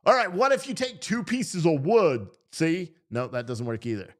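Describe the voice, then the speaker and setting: A man doing a drawling Southern good old boy, folksy and mock-earnest, explaining things with a jokey homespun analogy in a fairly high voice. The drawl is broad and playful, with every point stretched out as if it were obvious. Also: big pitch swings, moderate pace. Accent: Southern US, put on.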